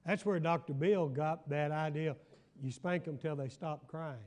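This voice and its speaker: A man's voice: a little high, measured pace, darkish tone. An older man, a pastor teaching a Bible study in a folksy storytelling way, now and then asking his listeners if they follow. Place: church hall.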